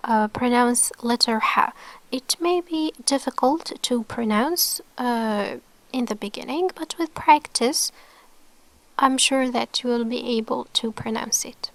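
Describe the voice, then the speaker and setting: A woman's voice: on the high side, slow, no room sound. A woman teaching an online lesson, explaining patiently, often checking with okay and dropping into a whisper to model sounds. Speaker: Arabic teacher.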